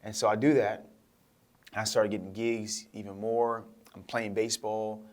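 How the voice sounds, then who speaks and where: Young guy telling his story on a podcast, low voice, acts out quotes as he goes. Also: normal speed. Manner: animated storyteller acting out quotes. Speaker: guest speaker. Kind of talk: storytelling interview.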